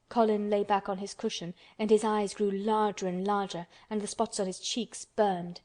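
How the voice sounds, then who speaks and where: A woman narrates an audiobook in a calm, measured manner. Her voice sits at a middle pitch for a woman. The delivery is steady and clearly scripted.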